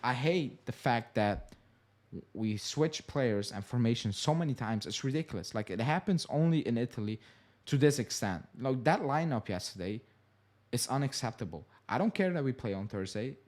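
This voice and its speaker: A man in the middle of his normal pitch range rants in casual commentary, frustrated and emphatic. He circles back to the same points again and again and leans on "you know" as he goes. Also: animated, moderate pace, a little mellow. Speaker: fan show host.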